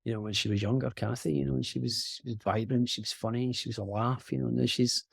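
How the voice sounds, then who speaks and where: A middle-aged man with a Scottish accent, a guest actor talking earnestly and haltingly over a video call. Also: medium pitch, fairly even intonation, gravelly, husky, no room sound. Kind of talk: reflective conversation.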